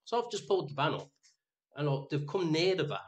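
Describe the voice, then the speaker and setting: A man's voice: fairly high pitch, sing-song, fairly quick. A man co-hosting a podcast in laid-back, sweary casual chat with lots of fillers. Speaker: podcast co-host.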